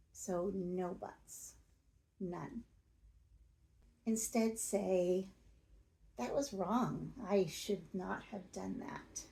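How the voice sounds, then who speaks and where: A woman's voice: medium pitch, vocal fry, dark tone, low-quality recording. A woman talking straight to her audience in a coaching, plain-spoken advice monologue. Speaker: self-help video host.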